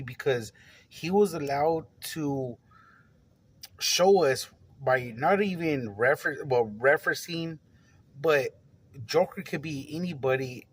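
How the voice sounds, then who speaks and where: A man's voice: a little high, husky, poor audio. A man giving a casual, rambling film review, with many fillers and restarts, frequent laughs and plenty of swearing. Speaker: movie reviewer.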